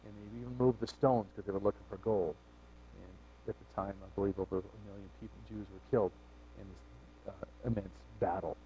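A man preaching a conversational sermon, his voice rising and falling in loudness and pitch as he speaks. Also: steady tone, brisk, slight background noise. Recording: dull lo-fi recording.

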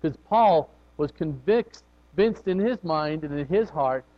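A man preaching a conversational sermon, his voice rising and falling in loudness and pitch as he speaks. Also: expressive, measured pace. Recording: dull lo-fi recording.

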